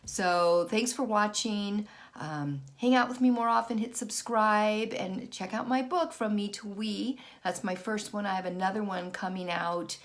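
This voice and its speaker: A middle-aged woman vlogging casually, frazzled and frustrated, stopping and restarting her sentences. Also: mid-range voice. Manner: frazzled, halting, many restarts. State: worn out and frustrated. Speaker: vlogger and author. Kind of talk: casual personal vlog.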